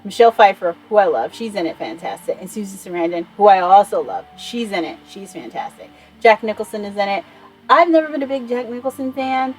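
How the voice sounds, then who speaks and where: A woman's voice: mid-range voice, lively intonation, fairly quick, rough recording. Woman vlogger, 30s, mid-range voice, chatty, gushing, profane, faint music underneath. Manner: rambling, enthusiastic, swears freely. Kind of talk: casual chat.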